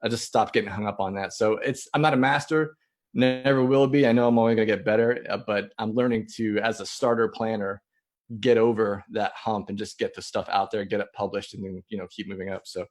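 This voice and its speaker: A man's voice: lowish voice, steady tone, brisk. Earnest man calling in over video chat. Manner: earnest and friendly. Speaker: caller on a live Q&A. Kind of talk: casual question from a viewer. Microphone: video call.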